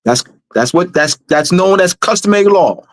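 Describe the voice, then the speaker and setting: A man with a high voice, recorded dry and close. He hosts a live teaching discussion and drives his points home with emphatic repetition. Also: animated, normal speed, no echo. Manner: emphatic and repetitive, urging listeners. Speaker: host.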